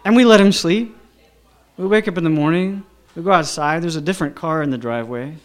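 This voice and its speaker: A man telling a personal anecdote in a lively, chuckling way, with lots of fillers. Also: a little high, a little fast, faint music behind. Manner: animated, chuckling, many fillers like "you know".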